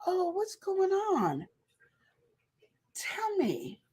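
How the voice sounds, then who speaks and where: A woman voicing a sweet but sneaky female coworker who talks in a soft, coaxing tone. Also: extremely high pitch, wildly swooping pitch, drawn-out words, pitched above the performer's own voice, exaggerated voice.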